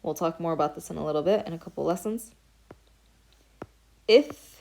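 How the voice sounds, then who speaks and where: A woman's voice: low voice, very fast, vocal fry, a little mellow. Patient woman teaching Arabic basics. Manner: patient step-by-step explaining, modeling words aloud. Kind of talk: recorded lecture.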